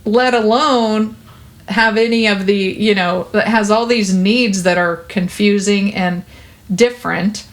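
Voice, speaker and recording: A woman of ordinary pitch, talking as a podcast host and child development expert. She explains things in a chatty, earnest way with plenty of "like" and "you know." Her tone is warm-hearted and reassuring, like casual conversation. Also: steady tone, a little slow.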